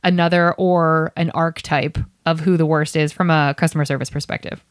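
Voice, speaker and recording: A woman hosting a podcast interview, asking questions and cutting in with quick jokes. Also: low voice, fairly even intonation, no echo. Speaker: podcast host. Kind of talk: casual interview chat.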